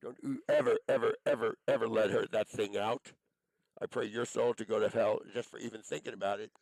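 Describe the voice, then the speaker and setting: A man's voice: lowish voice, steady tone, brisk, gravelly, darkish tone, dry recording, poor audio. A man delivering an angry, profane monologue, accusing and cursing as he rambles from one charge to the next.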